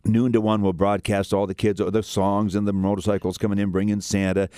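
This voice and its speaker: A man's voice: lowish voice, little pitch movement, fairly quick, warm tone, clear, resonant tone, dry recording, studio quality. A man hosting a radio talk show, speaking earnestly in a rambling way, with many restarts and fillers.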